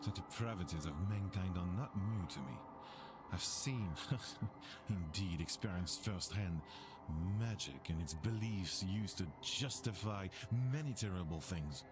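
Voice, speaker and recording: A grave, world-weary doctor. He speaks in a measured, somber way. Clear game music runs behind him. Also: low-pitched, lively intonation. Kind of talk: voiced game dialogue.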